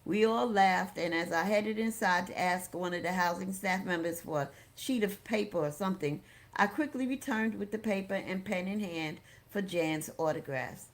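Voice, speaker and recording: A woman reading a memoir aloud as an audiobook, steady and unhurried. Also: mid-range voice. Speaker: audiobook reader.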